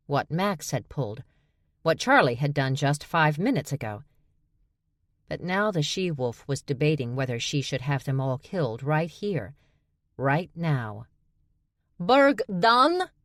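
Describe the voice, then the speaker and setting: Low-voiced woman narrating an audiobook. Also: no echo, studio quality. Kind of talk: scripted narration.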